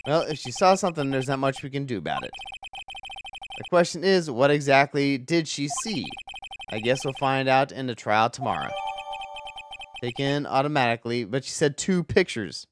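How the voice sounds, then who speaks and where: Woman streamer thinking out loud over a game, chill and rambly, pitch wanders. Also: expressive, normal speed, music in the background. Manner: musing aloud, low-key and rambling. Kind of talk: casual let's-play commentary.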